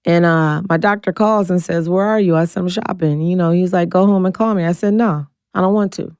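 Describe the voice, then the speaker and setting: Forties woman telling her story straight, lowish smooth voice, dry close mic, jumps way up when she acts out quotes. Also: brisk, no room sound. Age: 40s. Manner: blunt, animated, acts out quotes with big pitch jumps. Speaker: guest. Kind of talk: candid storytelling interview.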